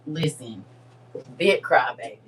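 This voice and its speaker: Against a noisy background, a woman with a very deep voice speaks slowly to her live stream audience, her eyes puffy from crying. She's chatty and expressive, calling viewers "girl" and "honey."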